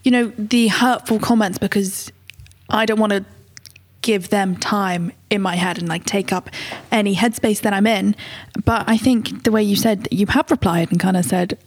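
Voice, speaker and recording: A woman host reflecting thoughtfully in a casual podcast chat, with a husky voice. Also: mid-range voice, fairly even intonation, moderate pace.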